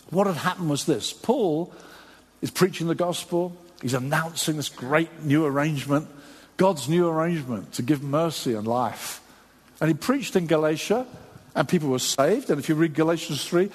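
Man, sermon, high voice, husky, long hall reverb, acts out quotes. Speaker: preacher.

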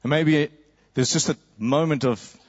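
Dramatic storytelling preacher, lo-fi. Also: male voice, a little high, measured pace. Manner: vivid storytelling, acting out crowd cries and whispers.

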